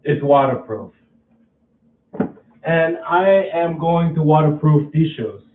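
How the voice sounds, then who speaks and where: A man's voice: on the high side, steady tone, echoey room, distant mic, phone-quality sound. A man casually vlogging at home, rambling and restarting his sentences as he talks through a chore. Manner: rambling, repeats himself, halting restarts.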